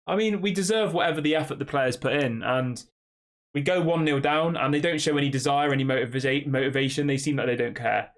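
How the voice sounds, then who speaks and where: A man's voice: mid-range voice, a little fast. Chatty man hosting a live stream. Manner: conversational, reads chat questions aloud, frequent fillers. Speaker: live stream host reading fan chat. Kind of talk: casual match reaction live stream.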